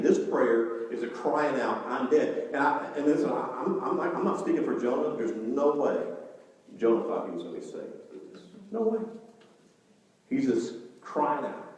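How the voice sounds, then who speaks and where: A man preaching with real animation, his voice jumping up for emphasis and then dropping low and quiet. He is recorded from a distance in a big church hall, and the sound rings with long, echoing reverb. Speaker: pastor. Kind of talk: sermon. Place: church sanctuary.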